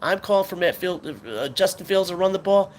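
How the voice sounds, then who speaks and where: A man's voice: high-pitched, animated, brisk, a little hiss or hum. A man hosting a sports talk show, venting in an angry, swearing rant about his team. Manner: frustrated, swearing, ranting fan.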